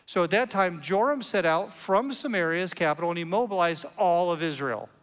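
A man with a high, light voice preaches a sermon, animated and conversational, slipping in playful asides. His words ring out with a long reverb, as if in a big hall. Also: a little fast. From United States. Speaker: pastor.

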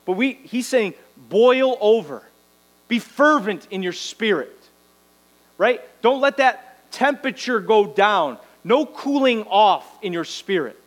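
A man's voice: high voice, animated, measured pace, low-quality recording. A man preaching a sermon, exhorting the congregation and tagging lines with "right?". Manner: exhorting, rhetorical "right?" tags. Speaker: pastor.

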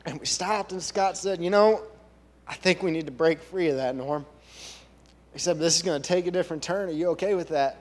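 Man, church elder, earnest halting testimony, fairly high voice, long hall echo. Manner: halting, earnest storytelling with many restarts. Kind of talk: personal testimony to a congregation. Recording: long reverb of a large hall.

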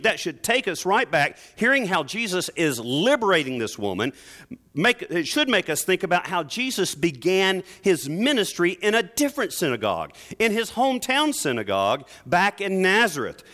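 Lively-voiced male preacher. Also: sits high, moderate pace. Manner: expressive preaching, swings between soft and emphatic. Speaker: pastor. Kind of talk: sermon.

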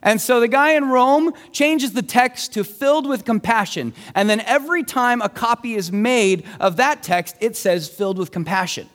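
A young man preaching a sermon, telling the story with animated voices for the people in it. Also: extremely high pitch, moderate pace, few pauses. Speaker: pastor. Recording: long reverb of a large hall.

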